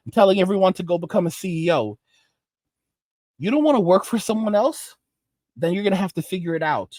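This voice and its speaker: Exasperated and preachy, a male commentary host with a somewhat high but darkish voice keeps circling back and restarting his points. It's a dry, close recording with no sense of the room.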